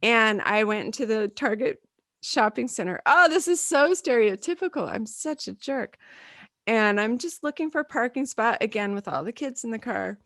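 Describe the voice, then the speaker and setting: A woman in her thirties, co-hosting a casual podcast chat, telling stories in a lively way and acting out what people said. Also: fairly high pitch, normal speed, dry recording, clean studio sound. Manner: animated storyteller, acts out quotes. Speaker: podcast co-host.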